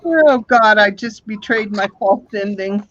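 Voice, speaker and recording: A woman's voice: mid-range voice, a little slow, lo-fi sound, background noise. A woman hosting a casual video chat with friends, reading out quotes from a book.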